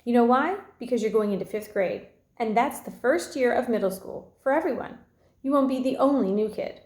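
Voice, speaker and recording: Woman reading as a gentle, coaxing mother. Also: a little high, a little fast, pitched above the performer's own voice, lightly acted. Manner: gentle and persuasive. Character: gentle, patient mother coaxing her son. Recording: echoey room.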